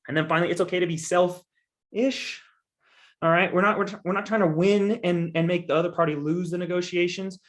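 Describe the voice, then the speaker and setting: Man, fairly high voice, emphatic coaching talk, persuasive, casual with the audience. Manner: emphatic and persuasive, with frequent repeated assurances; casual, addresses listeners directly as "guys". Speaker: guest speaker on real estate investing.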